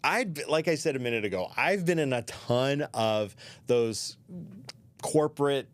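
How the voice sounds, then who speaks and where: A man's voice: mid-range voice, sing-song, moderate pace. A middle-aged man hosting a career advice talk, speaking conversationally with asides and restarts. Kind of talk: solo advice talk to camera.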